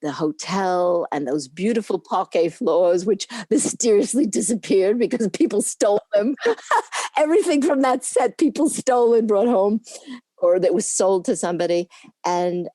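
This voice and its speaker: Older woman telling lively anecdotes. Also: medium pitch, unhurried, no room sound, studio quality. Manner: lively anecdotal storytelling with laughs; acts out quoted people in put-on voices. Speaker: interview guest, former camera assistant. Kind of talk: casual interview reminiscing.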